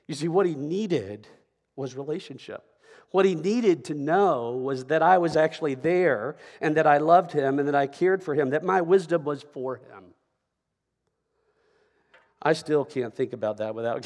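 A man's voice: medium pitch, normal speed. A middle-aged man preaching a sermon as a pastor, telling a story conversationally and often checking in with "right?". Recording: long reverb of a large hall.

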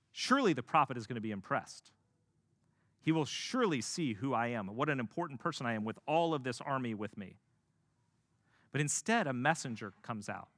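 A man preaching a sermon who tells a story in an animated way and adds casual asides. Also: mid-range voice, no room sound. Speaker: pastor.

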